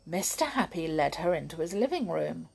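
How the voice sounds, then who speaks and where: Husky gravelly lady reading a bedtime story, playful and chatty with kids. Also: deep voice, sing-song, normal speed. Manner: gentle, playful and chatty with young listeners.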